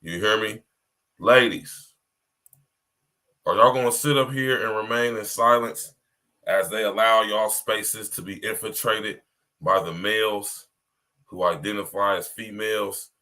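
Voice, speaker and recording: He has a fairly low, steady voice that sounds pushed and bright, moving at a measured pace with frequent pauses. Hosting a podcast livestream, he talks right to his listeners in an emphatic, rambling, repetitive way, often asking, "Do you hear me?"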